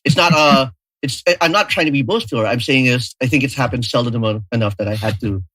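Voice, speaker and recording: A man's voice: medium pitch, fast talker, a bit bright, no room sound, poor audio. A man co-hosting a podcast in casual chat, joking wryly and often restarting his sentences. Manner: wry, joking, stumbling restarts. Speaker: podcast co-host.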